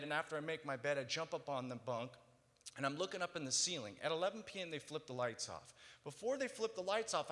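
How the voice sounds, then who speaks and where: A man giving a testimony speech at a banquet, recounting his story and moving from quiet retelling to loud, emphatic preaching. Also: medium pitch. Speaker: keynote speaker. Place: banquet hall. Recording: long hall reverb.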